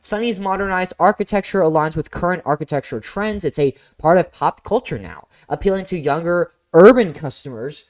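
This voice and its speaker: An exam-prep teacher talks through free-response answers point by point. The delivery mixes reading out prompts with relaxed, offhand commentary in a mid-range voice. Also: mid-range voice, a little fast, few pauses. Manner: reads prompts, then adds casual asides. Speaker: AP Human Geography teacher. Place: lives in Florida.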